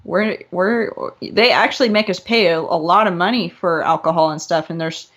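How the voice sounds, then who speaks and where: A woman's voice: fairly low pitch, normal speed, a bit bright. A young woman from Southern California, co-hosting a podcast in casual, playful chat and swearing freely. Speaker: podcast co-host.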